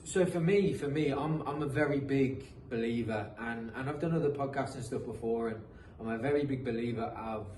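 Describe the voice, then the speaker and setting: A man's voice: medium pitch, brisk, hardly any pauses, darkish tone, recorded from a distance. Rambling British man in an echoey room. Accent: British English, mixed with some American. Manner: rambling, repeats himself, frequent um and uh. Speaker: guest, professional footballer. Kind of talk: casual podcast storytelling. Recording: echoey room, mic set back, faint noise.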